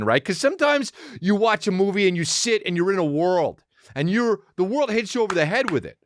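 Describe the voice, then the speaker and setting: A man hosting a podcast, riffing in a rambling comic monologue, excitable and profane, with quick acted asides. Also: sits high, no echo, studio quality. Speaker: podcast host.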